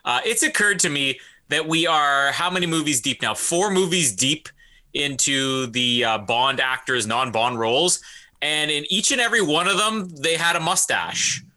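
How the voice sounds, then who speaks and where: Brief: wry male co-host, animated intonation, dry humor. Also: a little high, normal speed. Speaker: podcast co-host. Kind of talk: casual chat.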